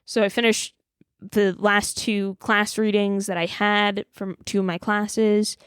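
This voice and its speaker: A woman in her twenties co-hosts a podcast in a clear, resonant, medium-pitched voice, unhurried and recorded in a clean studio with no echo. She animatedly retells a story, acting out the quotes and saying "like" constantly.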